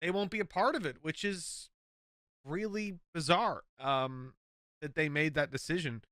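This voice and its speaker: Irish caster, bright forceful tone, dry close mic, blunt and sweary. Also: male voice, a little high, unhurried, dry recording. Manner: blunt, frequent swearing, emphatic rants. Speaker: esports caster. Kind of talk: casual podcast chat.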